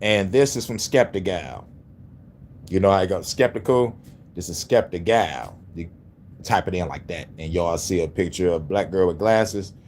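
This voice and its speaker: A man's voice: sits low, normal speed, darkish tone, slight background noise. A man hosting a casual reaction stream, talking in a laid-back way with a lot of swearing. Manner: laid-back, profane, laughing often. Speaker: host reacting to videos.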